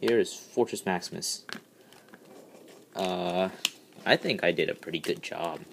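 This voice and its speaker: Low-voiced man eagerly demoing a toy. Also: unhurried, creaky, noisy background. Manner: eager, rambling, many "all right, so" restarts; excitable, with bursts of delight. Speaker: toy customizer showing his build. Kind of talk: casual toy review and transformation demo.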